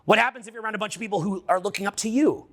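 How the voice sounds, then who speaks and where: A man giving a live seminar talk to an audience, animated and profane, firing questions at the crowd. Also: high voice, racing. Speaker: seminar speaker. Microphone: unamplified handheld mic.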